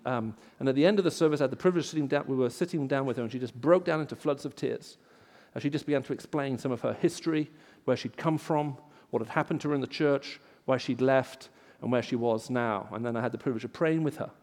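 A man with an English accent, raised in the Middle East, preaching a sermon in an auditorium and telling stories, rising loud for emphasis. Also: mid-range voice, quick pace, few pauses, long reverb tail. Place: large auditorium.

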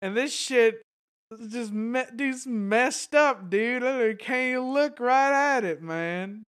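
A man's voice: very high voice, slow pace, fairly bright tone, clean tone, exaggerated voice. A man improvising a dazed young male reporter who drawls and keeps saying dude. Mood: stunned. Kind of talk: improv comedy.

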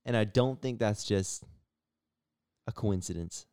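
Mellow low-voiced laid-back guy. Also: a little slow, clear, resonant tone, no room sound, studio quality. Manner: laid-back, says bro and dude a lot. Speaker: podcast co-host. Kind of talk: casual chat.

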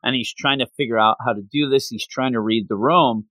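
A man hosting a podcast, retelling an anime episode in an animated, playful way in casual chat. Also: mid-range voice, a little fast, no echo. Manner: animated storytelling with playful bits. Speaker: podcast host.

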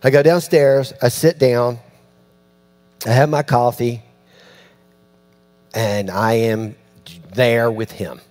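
A man preaching a sermon, telling a story with lively, acted-out voices and sudden drops to hushed, near-whispered lines. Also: mid-range voice, takes it slowly, pauses often. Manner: animated storytelling, acts out voices, dropping to near-hushed tones. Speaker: pastor.

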